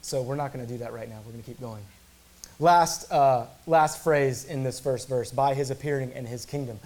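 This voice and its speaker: A man's voice: medium pitch, normal speed, a little mellow. A male pastor preaching an earnest sermon, emphatic, repeating words and slipping in casual asides.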